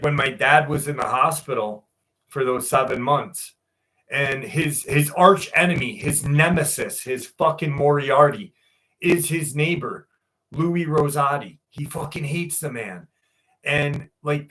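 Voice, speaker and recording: Higher-voiced man in a swearing casual ramble. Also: fairly bright tone, rough recording. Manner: rambling, profane anecdotes with many fillers. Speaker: podcast host. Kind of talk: casual chat and reading a listener story aloud.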